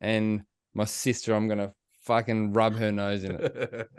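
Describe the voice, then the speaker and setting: Blunt male podcast co-host, low and smooth, dry close sound. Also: flat delivery, unhurried, no room sound. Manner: blunt, swearing, laughing often. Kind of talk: casual podcast chat. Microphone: video call.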